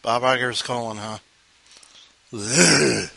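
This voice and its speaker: Lively, bright-voiced male podcast host. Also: mid-range voice, measured pace, slight background noise. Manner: self-mocking, rambling asides. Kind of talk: casual chat.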